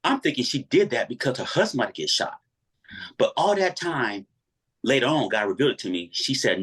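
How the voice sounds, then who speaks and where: A man's voice: medium pitch, fairly quick, breathy edge. A man telling a dramatic personal story as an interview guest, acting out each voice in it. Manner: animated, acts out every voice in his story.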